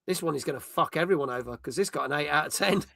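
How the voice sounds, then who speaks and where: A man's voice: fairly high pitch, fast, gravelly, fairly bright tone, dry recording, studio quality. A middle-aged man hosting a casual gaming chat, reading out viewer comments and swearing freely. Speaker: host.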